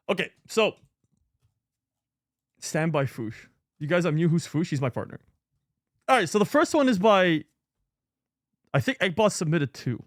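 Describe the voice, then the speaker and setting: A man's voice: a little high, very animated, normal speed, pauses often, no echo, studio quality. A man hosting a live stream, talking casually and in a scattered, muttering way while sorting files, swearing freely now and then. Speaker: streamer host.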